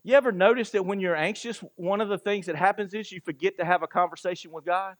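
A man's voice: high-pitched, fairly even intonation, fast talker. A male pastor giving a sermon in a conversational way, asking the congregation rhetorical questions and chuckling between points.

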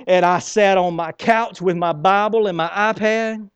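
High-voiced pastor, dry sound. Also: male voice, normal speed, few pauses, clean tone, dry recording. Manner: conversational and animated, repeats words, asks the crowd questions. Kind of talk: sermon.

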